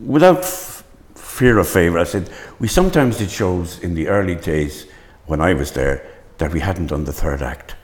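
An older man with a low voice reminisces about his stage career. His telling rambles and restarts, and his pitch leaps about expressively. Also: expressive, moderate pace. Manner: rambling, stop-start storytelling. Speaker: veteran stage actor. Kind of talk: reminiscing interview.

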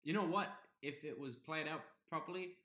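Guy, 20s, podcast co-host, teasing banter, bright voice. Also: on the high side, moderate pace. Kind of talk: casual chat. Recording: echoey room.

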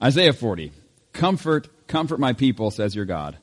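A man serving as pastor, leading a church service with prayer and scripture reading, reading in a measured way and lifting his voice on key lines. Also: mid-range voice, sing-song, big-room sound. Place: church sanctuary.

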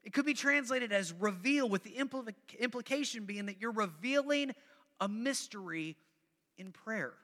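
A high-voiced male pastor preaches a sermon at a normal pace, animated and conversational, repeating and circling back on phrases for emphasis. He coaxes the congregation to join in, and his bright, forceful voice fills a large room with long, ringing reverb.

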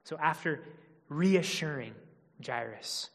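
High-voiced preacher in a reverberant hall. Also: male voice, lively intonation, slow pace, gravelly. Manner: shifts between hushed, whispered tenderness and loud emphatic preaching. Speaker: pastor. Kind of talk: sermon.

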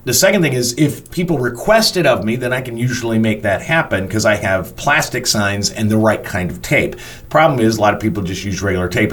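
A man, a front of house manager, telling a personal story in a casual, animated way and swearing freely. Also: lowish voice.

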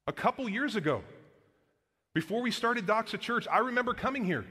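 A man preaches a sermon in a casual, earnest way, peppering his points with "like" and "guys." His voice sits a little high for a man. A long reverb from the church hall trails each phrase. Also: animated, a little fast, pushed and bright, husky. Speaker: pastor. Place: church sanctuary.

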